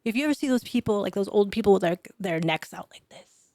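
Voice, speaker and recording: Mellow-voiced woman telling a lively story. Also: mid-range voice, fast, no echo, clean studio sound. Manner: animated storyteller, drops to whispers for quoted thoughts. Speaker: chiropractor guest. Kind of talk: storytelling in an interview.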